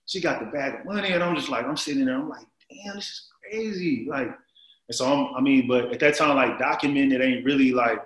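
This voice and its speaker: A man in his forties spins a rambling anecdote for an interviewer. His delivery is animated and packed with fillers, set at an average pitch, and the voice carries a roomy echo around it. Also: fast talker. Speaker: interview guest. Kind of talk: casual storytelling.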